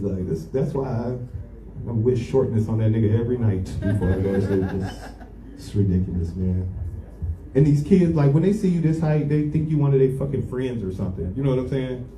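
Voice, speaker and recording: A man's voice: mid-range voice, expressive, fairly quick, mellow, distant mic. A man doing a stand-up comedy set on a club stage, telling loose, profane stories with lots of filler while a live audience laughs along. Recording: roomy live club recording with crowd. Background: audience laughing and clapping.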